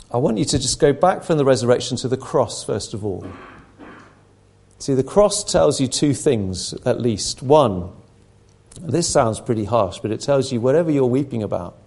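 A man's voice: mid-range voice, vocal fry, dark tone. A middle-aged man preaching a sermon, emphatic, his intensity rising and falling.

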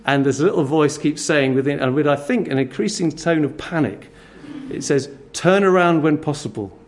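A man preaching a sermon, earnest and animated, telling stories and asking rhetorical questions. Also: a little high, moderate pace, a little hiss or hum.

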